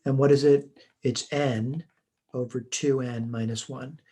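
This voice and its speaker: A man's voice: mid-range voice, steady tone, measured pace, mellow, husky. A man teaching a recorded math lesson, working through homework problems step by step in a plain, methodical way. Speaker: math instructor. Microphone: computer mic while writing on a tablet.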